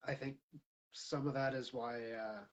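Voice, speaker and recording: A man talking casually as a guest, soft-spoken and hesitant. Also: medium pitch, steady tone, a little slow, low-quality recording. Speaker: podcast guest. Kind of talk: casual chat.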